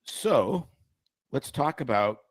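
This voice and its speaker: A man's voice: medium pitch, very animated, slow, dry recording. A man co-hosting a casual podcast, telling rambling jokes and stories. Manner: joking, rambling storyteller. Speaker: podcast co-host, doctor. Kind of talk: casual chat.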